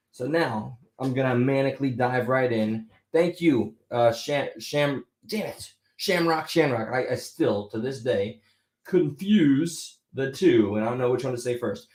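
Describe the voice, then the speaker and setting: A man's voice: medium pitch, darkish tone, reverberant. Rambling, chatty man hosting a live stream. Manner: rambling, chatty, stops mid-thought and restarts. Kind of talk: casual live-stream chat. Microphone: spatial mic.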